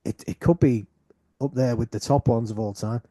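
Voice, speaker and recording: A man co-hosting a podcast in casual chat, animated and sweary, often restarting his words. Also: mid-range voice, moderate pace. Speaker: podcast co-host.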